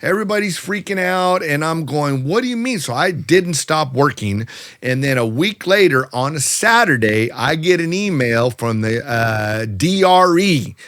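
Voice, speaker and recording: A man's voice: fairly high pitch, lively intonation, measured pace, fairly bright tone. A middle-aged man, a realtor guest, telling stories emphatically in a casual interview and often calling the host by name.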